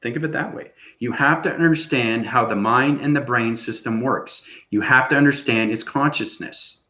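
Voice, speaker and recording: Man, rambling spiritual talk, keeps asking okay, average pitch, echoey room. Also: normal speed, sharp tone. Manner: rambling, repeats "okay?" often. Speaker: channel host. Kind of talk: unscripted spiritual monologue.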